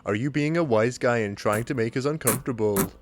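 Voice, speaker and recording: A man's voice: medium pitch, fairly quick, background noise, close to an everyday voice. A man reading the lines of an earnest, somewhat awkward teenage boy, in a plain, sincere way. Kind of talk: comic reading of a webcomic.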